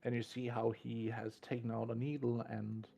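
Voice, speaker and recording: A man narrating as game master in a tabletop game, slow and descriptive, often restarting his words. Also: medium pitch, monotone, vocal fry, warm tone, breathy edge, highs cut off. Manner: deliberate, descriptive, with frequent restarts.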